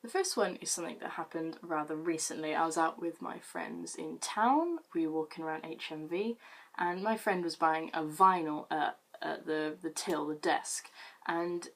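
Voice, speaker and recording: A woman's voice: low-pitched, normal speed, vocal fry, fairly bright tone. A girl, casually telling funny stories about herself to camera, chatty and self-mocking, swearing freely. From Britain. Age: late teens. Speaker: vlogger.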